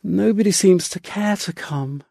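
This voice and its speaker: Male reader doing an anxious stammering young mother for an audiobook; slightly raised, soft, slow. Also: sits high, vocal fry, dry recording, clean studio sound, pitched above the performer's own voice, full character voice. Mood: frightened. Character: timid frightened young country mother. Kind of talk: audiobook character voice.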